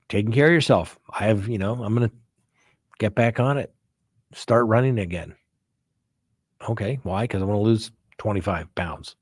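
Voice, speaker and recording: A man's voice: lowish voice, darkish tone, breathy edge, no room sound, clean studio sound. A man hosting a live show as a criminal defense attorney, talking casually in a folksy way with frequent "right?" asides. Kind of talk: casual live-stream talk.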